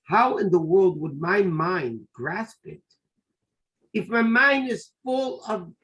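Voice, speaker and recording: A middle-aged man giving a Torah lesson as a rabbi, his voice sitting fairly high. He speaks emphatically and drops Hebrew terms into his English explanations. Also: expressive, takes it slowly, pushed and bright, low-quality recording. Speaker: rabbi teaching a class. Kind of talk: Torah class lecture.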